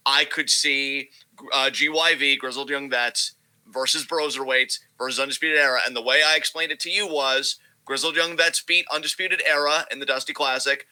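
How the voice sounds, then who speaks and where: Young dude cohosting a podcast, casual and opinionated, super bright voice. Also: male voice, a little high, rough recording. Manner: laid-back, opinionated, says dude and brother. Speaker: podcast co-host. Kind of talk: casual chat.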